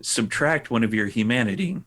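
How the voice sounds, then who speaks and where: A man running a tabletop game as game master, in a relaxed, dryly joking manner. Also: medium pitch, moderate pace.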